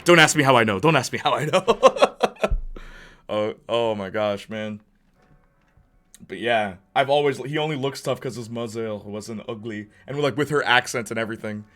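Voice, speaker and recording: A man chatting excitedly and rambling about games on a live stream. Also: medium pitch, normal speed, soft background music. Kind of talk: casual chat on a live stream.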